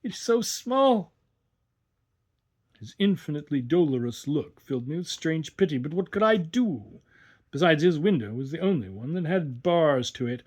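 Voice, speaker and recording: A man narrating a story in a measured, expressive reading. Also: on the high side. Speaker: reader.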